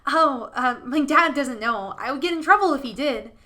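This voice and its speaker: A woman's voice: sits high, expressive, moderate pace, pushed and bright, pitched above the performer's own voice. Woman doing a sweet little scarecrow boy. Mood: eager. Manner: eager and innocent.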